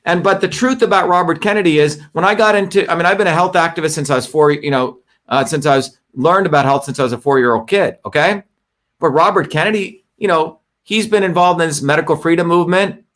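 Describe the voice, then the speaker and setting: A man's voice: fairly high pitch, fast talker, fairly bright tone. Emphatic, combative man hosting a livestream. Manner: emphatic, combative, repeats points, swears. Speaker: host of a live online show. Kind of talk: live-stream monologue.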